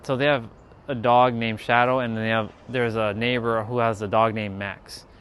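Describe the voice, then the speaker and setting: A man's voice: mid-range voice, flat delivery, moderate pace, a bit bright, a little hiss or hum. A man chatting on a casual livestream from outdoors in a yard, rambling and encouraging.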